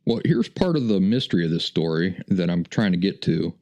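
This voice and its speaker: A middle-aged man hosting a podcast tells a casual story to his listeners in a folksy, chuckling, anecdotal way. His voice is low and gravelly with lots of vocal fry, sing-song, fairly quick, and dark in tone, and the audio sounds dull.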